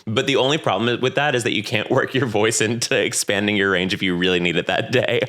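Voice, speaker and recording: Man with a low, throat-cleared voice. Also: fast talker. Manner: animated, joking, with frequent throat clearing. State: low voice after a sore throat, clearing his throat. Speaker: podcast co-host. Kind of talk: casual chat.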